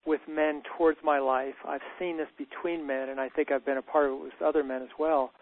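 A man's voice: fairly high pitch, level tone, brisk, narrow, tinny audio. A man speaking thoughtfully in conversation, repeating words as he starts sentences. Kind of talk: reflective conversation.

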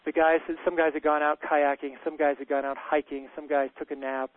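A man's voice: on the high side, flat delivery, fairly quick, dry recording. A man telling a candid personal story in conversation, earnest, often stammering and restarting. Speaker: men's retreat leader sharing a story. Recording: tinny phone-like dry sound.

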